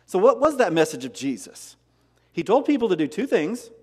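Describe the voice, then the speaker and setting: Animated male preacher in a reverberant church. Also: sits high, normal speed, breathy edge. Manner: animated preaching with rhetorical questions and emphatic repetition. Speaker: pastor. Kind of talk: sermon. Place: church sanctuary.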